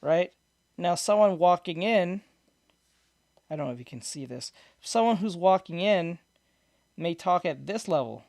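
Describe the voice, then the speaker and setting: A man's voice: high voice, lively intonation, a little slow, creaky, long pauses, a little mellow, no room sound, clean studio sound. A man chatting casually on a stream, answering viewers and explaining things in a rambling way, restarting sentences and laughing at his own jokes. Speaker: streamer reacting to viewer comments. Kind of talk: casual live-stream chat. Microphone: desk microphone.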